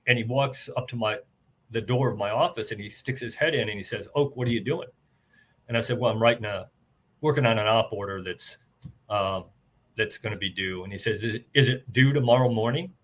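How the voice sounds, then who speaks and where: A man's voice: lowish voice, brisk. An older man, a retired army officer, talking earnestly and plainly about leadership as an interview guest.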